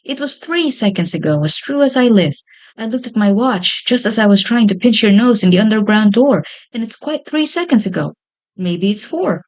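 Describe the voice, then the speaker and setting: A woman voicing a small, whiny potato who bawls and pleads in a high, squeaky voice. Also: animated, normal speed, darkish tone, no echo, lightly acted. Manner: bawling, whiny.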